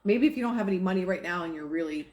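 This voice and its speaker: A woman hosting a live stream, chatting casually and teaching about manifesting, with a relaxed manner full of fillers. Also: fairly low pitch, rapid-fire. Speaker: host of a manifesting livestream. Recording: roomy echo.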